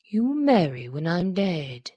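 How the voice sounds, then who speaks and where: A woman voicing a bitter, sinister dying old man who speaks slowly and menacingly in a lowered voice. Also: big pitch swings, breathy edge, no echo, highs cut off, exaggerated voice. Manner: slow, low, menacing.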